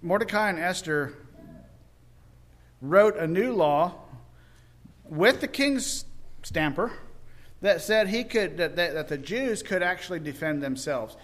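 A man with a high voice tells an old story in a loose, folksy way. He talks like he is chatting with friends and keeps jumping into the characters' voices. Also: expressive, slow pace, pauses often, a bit bright. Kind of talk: informal Bible story retelling.

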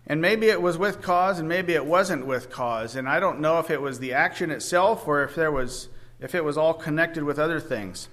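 A man preaching a sermon, reading scripture aloud and speaking with many halting restarts. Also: on the high side, a bit bright.

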